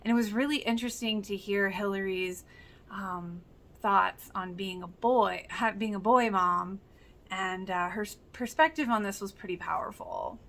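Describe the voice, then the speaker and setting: A woman's voice: medium pitch, normal speed, a bit bright. A woman giving casual reaction commentary, earnest and emotional, with many fillers. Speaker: reaction video host.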